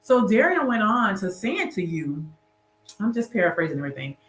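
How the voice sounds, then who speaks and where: A woman's voice: medium pitch, normal speed, soft background music. Earnest woman guest in an echoey room. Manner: earnest, animated storytelling. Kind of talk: casual interview chat.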